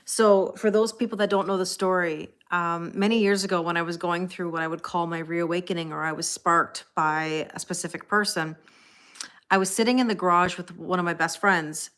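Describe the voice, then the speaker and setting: A woman's voice: lowish voice, a bit bright, smooth. A woman reading tarot on a casual live stream, chatting with viewers by name and laughing often. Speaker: tarot reader.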